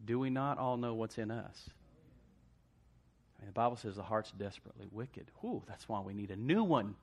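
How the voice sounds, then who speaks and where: A man preaching a sermon to a church congregation, asking "amen?" and swinging from hushed asides to loud emphasis. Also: on the low side, lively intonation, normal speed. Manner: call-and-response preaching, asks congregation "amen?". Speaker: pastor.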